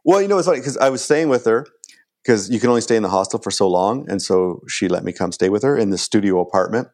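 A man, chatting casually as a guest and telling an animated story. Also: fairly low pitch, fast talker. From Canada. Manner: animated storyteller acting out quoted lines.

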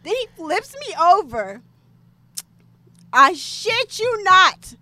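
A young woman from the United States talks in a high, bright, forceful voice. She tells her story in loose, animated chat with many filler words. At times she bursts into loud shouting. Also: takes it slowly, no echo. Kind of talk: casual chat, explicit storytelling.

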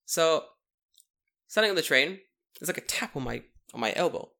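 A young man telling a long story in casual chat, profane and animated, acting out what people said. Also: a little high, moderate pace, vocal fry. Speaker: podcast co-host telling a story.

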